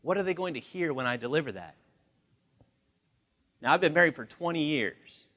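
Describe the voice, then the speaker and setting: Animated man teaching a seminar. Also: fairly high pitch, moderate pace. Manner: animated, acts out quoted voices. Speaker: communication trainer. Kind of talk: live training seminar. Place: large training room.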